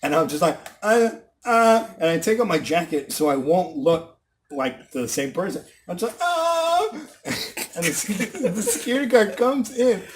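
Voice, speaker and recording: A young man casually telling stories to friends, often laughing and acting out loud exclamations. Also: a little high, animated, normal speed. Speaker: channel host telling stories. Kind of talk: casual storytelling among friends.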